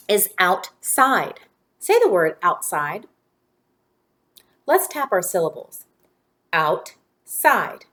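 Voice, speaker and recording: A woman teaching a children's phonics lesson, giving clear directions and encouraging praise. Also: lowish voice. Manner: slow, clear, drawn-out words.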